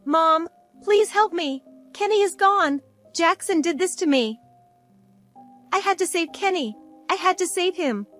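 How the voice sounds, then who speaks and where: A woman's voice: extremely high pitch, animated, measured pace, a bit bright, soft background music, pitched above the performer's own voice, full character voice. A woman narrator voicing a frantic, tearful young mother who pleads for help. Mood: pleading.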